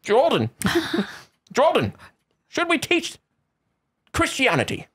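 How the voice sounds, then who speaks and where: A man voicing a pompous old-timey male missionary, drawing out his words slowly and loftily during a party game. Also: extremely high pitch, huge pitch swings, a bit bright, husky, voice pushed up, heavily acted. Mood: solemn.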